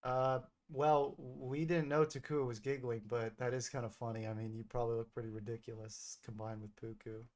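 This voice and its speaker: A man's voice: mid-range voice, little pitch movement, normal speed, hardly any pauses, a little mellow. A man streaming, chatting casually and teasingly with frequent hesitations. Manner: playful, teasing, hesitant with many fillers. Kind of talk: casual gaming chat with an AI character.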